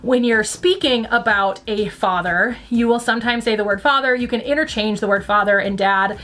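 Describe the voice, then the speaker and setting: A woman's voice: a little high, normal speed, a bit bright. A woman hosting a casual opinion vlog at home, talking in a rambling, chatty way with plenty of fillers and restarts. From United States. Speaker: channel host reviewing a TV franchise.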